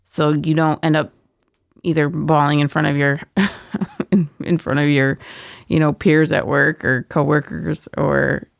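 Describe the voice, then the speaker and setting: A woman co-hosting a recovery podcast, telling a personal story in an animated, casual way and laughing through her words. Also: low-pitched, unhurried, gravelly, dry recording, clean studio sound. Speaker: podcast co-host.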